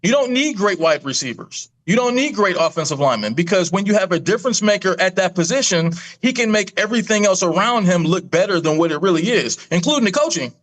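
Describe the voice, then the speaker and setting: A man on a live football talk panel, measured and agreeable. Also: high voice, animated, fairly bright tone. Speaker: sports panelist.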